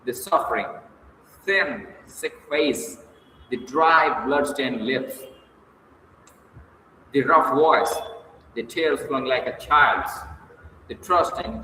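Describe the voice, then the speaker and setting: A man narrating a novel as an audiobook, in a measured storytelling manner. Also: medium pitch, sharp tone. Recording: echoey distant room, long reverb, faint noise.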